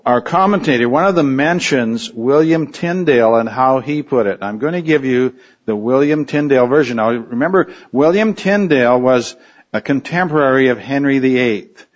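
A man delivers an expository sermon at a mid-range pitch, talking to the congregation like it's a conversation. He often stops and restarts his sentences. The recording has a dull, lo-fi sound. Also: expressive, normal speed. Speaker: preacher.

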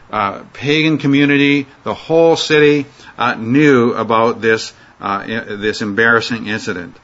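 A man's voice: medium pitch, pushed and bright. A man teaching an informal Bible study lecture, talking conversationally with frequent fillers and restarts. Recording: dull lo-fi recording.

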